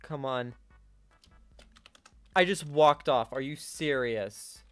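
A young man giving live gameplay commentary, swinging between yelling in frustration and quiet muttering to himself. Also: mid-range voice, slow pace, no room sound, faint music behind. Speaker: gaming YouTuber.

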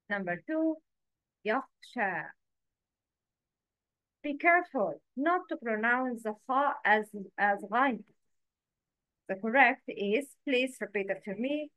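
A woman teaching letter pronunciation in a slow, patient lesson, repeating each word for the learner to echo. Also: on the high side, animated, a bit bright.

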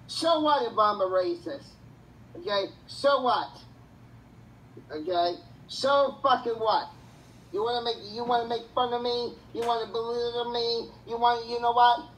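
A man on a livestream in a furious, profane rant, shouting threats and insults. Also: very high voice, a little slow, far from the mic, slight background noise, poor audio.

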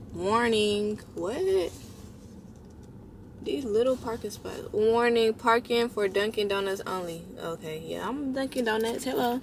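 A young woman vlogging casually to camera from inside her parked car, chatty and expressive, swearing freely and talking to her viewers as y'all. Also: medium pitch, a little hiss or hum. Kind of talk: casual vlog talk to camera.

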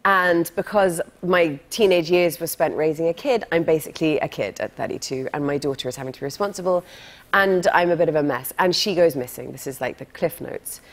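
A woman's voice: low-pitched, brisk. A British woman, a guest actor chatting in a talk show interview in a TV studio, laughing often as she explains her roles.

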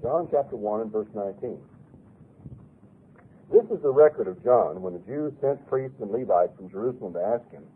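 A man's voice: mid-range voice, animated, moderate pace, breathy edge. A man preaching a sermon, earnestly reading scripture aloud with rising and falling emphasis. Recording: lo-fi phone-like radio broadcast.

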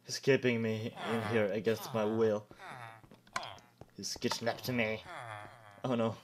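A man's voice: fairly low pitch, little pitch movement, slow pace, a crowd in the background. A man giving let's play commentary as a gaming YouTuber, jumpy and talking back to the game characters.

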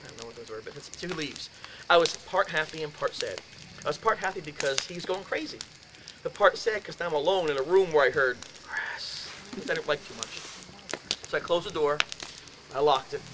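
A man giving a storytelling lecture, animated and acting out the dialogue as he goes. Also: a little high, brisk, background noise. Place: lecture room.

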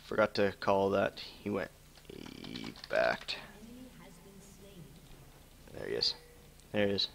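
Playing at home while streaming, a man gives casual live commentary on his own match, joking and laughing frequently as keyboard typing sounds in the room. His low, gravelly voice swoops wildly in pitch and has a fairly bright tone, delivered slowly with long pauses and a little hiss or hum.

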